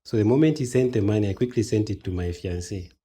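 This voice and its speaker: Male interview guest, low husky voice, lively storytelling with voiced quotes. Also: fast talker. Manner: animated, acts out dialogue in quoted voices.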